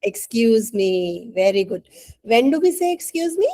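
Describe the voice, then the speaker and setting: Slow, mellow Indian-accented woman teacher. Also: a little high, big pitch swings, low-quality recording. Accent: Indian English. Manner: patient, coaxing, often checks with "right?". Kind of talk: online English lesson.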